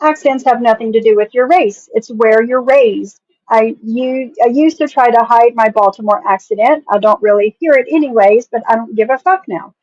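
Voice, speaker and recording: A woman with a West Virginia country accent speaks in a fairly high voice, blunt and unfiltered as she reacts on a stream and curses without hesitation. The audio is a little muffled and lo-fi. The room adds no echo. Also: normal speed, hardly any pauses, a little mellow. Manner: blunt, swears freely, reads comments aloud. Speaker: commentary streamer. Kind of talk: casual reaction commentary.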